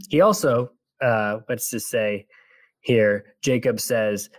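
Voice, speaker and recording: A young man from California with a General American accent, co-hosting a casual podcast and rambling with quick restarts. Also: mid-range voice, animated, no room sound. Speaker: podcast co-host.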